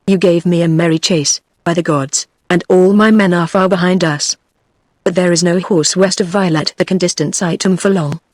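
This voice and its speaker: A text-to-speech voice of a woman with a British English accent, reading the lines of a cruel, mocking male warlord in an even audiobook tone. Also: lowish voice, normal speed, no room sound, close to an everyday voice. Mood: taunting.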